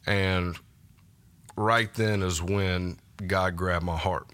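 A man telling a personal faith story as a podcast guest, casual and halting, with many fillers and restarts. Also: sits low, steady tone, fairly bright tone. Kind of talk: personal testimony in a podcast interview. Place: podcast studio.

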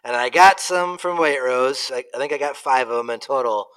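A man's voice: mid-range voice, normal speed, fairly bright tone, smooth, low-quality recording. A man co-hosting a podcast in a casual, self-deprecating way. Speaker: podcast co-host.

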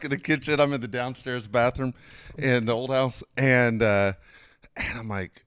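Brief: middle-aged man, animated profane storyteller, dry close mic. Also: medium pitch, fairly quick, smooth, no room sound. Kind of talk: casual storytelling chat.

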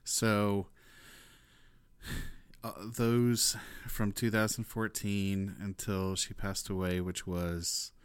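Slow, smooth-voiced male podcast host. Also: fairly low pitch, level tone, no echo. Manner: quiet, brief prompts and backchannels. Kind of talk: interview chat.

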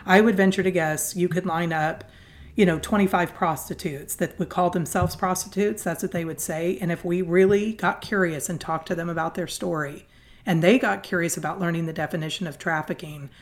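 Middle-aged female guest, earnest and animated storyteller, slightly low register. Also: fairly quick. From Southern California. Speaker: guest, nonprofit founder. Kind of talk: conversational storytelling interview.

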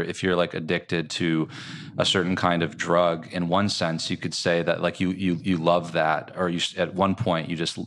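Male author as interview guest, low voice, reflective and explanatory. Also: fairly bright tone. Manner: thoughtful, explaining ideas with many filler likes.

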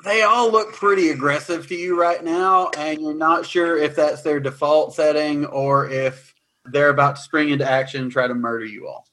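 A man narrating as dungeon master, recapping and describing scenes in a lively way with some fillers. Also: a little high. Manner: animated, quick recaps with fillers. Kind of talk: tabletop game narration.

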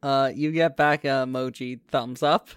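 A game master narrating a tabletop role-playing game in a dry, unhurried way. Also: medium pitch, fairly even intonation, clean tone, no echo.

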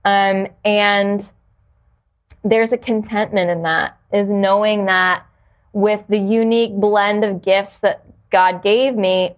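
A woman guest on a podcast, talking earnestly and reflectively about purpose, with frequent restarts. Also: medium pitch. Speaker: podcast guest, yoga teacher. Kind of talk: casual interview conversation.

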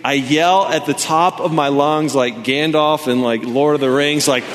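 A man in his thirties preaching a sermon in a church, telling a personal story in an animated, casual way with many fillers. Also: fairly high pitch, unhurried, background noise. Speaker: pastor. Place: church hall with congregation. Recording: long reverb from a large hall.

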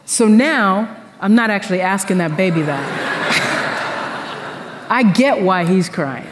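In a church sanctuary, a woman pastor preaches a sermon in an animated, conversational storytelling style sprinkled with casual slang. Her pitch is medium and her pace slow, and the recording has a long reverb tail and background noise.

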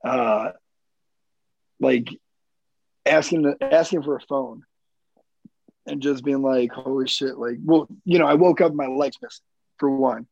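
Gravelly thirtysomething vet guy rambling thru his story, lots of cussing and "like", dull dry audio. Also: medium pitch, measured pace, long pauses, a little mellow, no echo. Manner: rambling, profane, many fillers. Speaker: military veteran guest. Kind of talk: casual personal storytelling.

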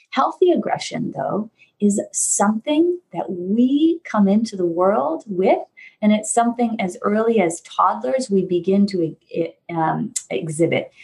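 Woman therapist, podcast guest or host, mid pitch, thoughtful and gently explanatory. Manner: thoughtful, gently explanatory, acts out quoted voices. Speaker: trauma therapist. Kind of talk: podcast conversation.

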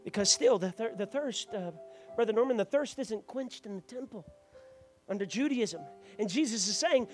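A man preaching a sermon to a congregation in church, moving from quiet explanation to loud, fervent preaching and calling out members by name. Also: high-pitched, expressive, moderate pace, soft background music.

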